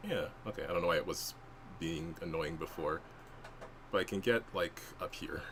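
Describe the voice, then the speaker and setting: Deep-voiced hesitant player man. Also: moderate pace, vocal fry, fairly bright tone, slight background noise. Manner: hesitant, thinking aloud about the app. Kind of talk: casual game chat.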